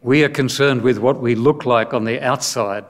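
A man preaching a sermon in a deliberate way, posing rhetorical questions. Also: medium pitch.

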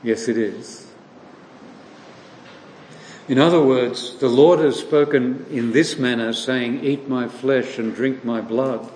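A man preaching in a slow, measured cadence, putting questions to his listeners and then answering them. His voice rings through a roomy church hall with a long reverb tail and a faint hiss underneath. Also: medium pitch, steady tone, darkish tone. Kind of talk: sermon.

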